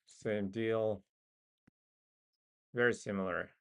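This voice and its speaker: A man's voice: on the low side, a little slow, creaky, long pauses. A man with a non-native English accent hosts a casual live trading stream. He muses and thinks aloud with frequent ums. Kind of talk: casual live market commentary.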